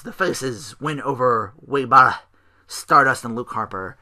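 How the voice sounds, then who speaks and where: Sarcastic bright-voiced man hosting a solo podcast. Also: mid-range voice, lively intonation, normal speed. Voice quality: sarcastic, profane, mocking impressions of wrestlers. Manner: rambling with many fillers and restarts, frequent sighs. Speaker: podcast host.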